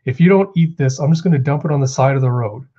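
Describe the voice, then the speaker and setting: A man's voice: mid-range voice, a little fast, warm tone, dull audio, natural voice. A man reading out the lines of a kind but stern woman innkeeper in a firm, insistent way, only slightly raising his voice. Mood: scolding.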